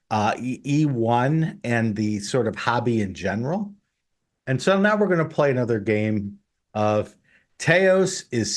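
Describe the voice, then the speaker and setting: A man with a mid-range voice hosts a gaming podcast in easy conversation. His pitch jumps up when he gets incredulous. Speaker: podcast host. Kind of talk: casual podcast chat.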